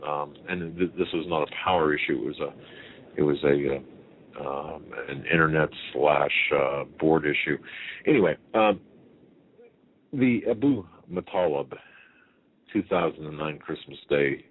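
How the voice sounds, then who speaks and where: Very deep-voiced male talk radio host. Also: measured pace. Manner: emphatic, rambling with restarts and rhetorical questions. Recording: tinny phone-line sound with faint hiss.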